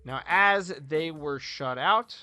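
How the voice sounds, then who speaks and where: A man in his thirties co-hosting a casual hockey podcast, joking and animated, swinging between loud bursts and quiet asides. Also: a little high, slow, smooth, faint music behind. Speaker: podcast co-host, hockey coach. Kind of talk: casual sports podcast chat.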